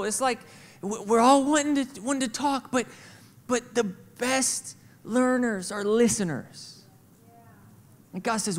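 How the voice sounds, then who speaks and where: A man preaching a sermon as senior pastor in a church, conversational and animated, acting out the voices of children and God. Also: very high-pitched, a little slow. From St. Louis, Missouri. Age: adult with kids. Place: church auditorium. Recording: reverberant church hall.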